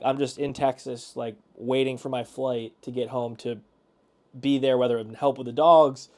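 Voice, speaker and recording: A man's voice: mid-range voice, darkish tone, clear, resonant tone. Man chatting casually on a podcast. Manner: chatty, retelling events with quoted asides. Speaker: podcast co-host. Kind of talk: casual chat.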